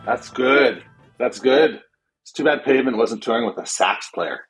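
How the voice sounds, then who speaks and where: A man's voice: medium pitch, lively intonation, moderate pace, a bit bright, husky, faint music behind, poor audio. A man hosting a podcast on his own, chatting casually in a rambling, loose way with lots of fillers and the odd swear word. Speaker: podcast host. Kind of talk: casual solo podcast chat.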